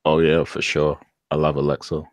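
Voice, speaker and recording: A man's voice: a bass voice, monotone, normal speed, no echo. A man appearing as a podcast guest, speaking hesitantly with many fillers. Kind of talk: casual podcast chat.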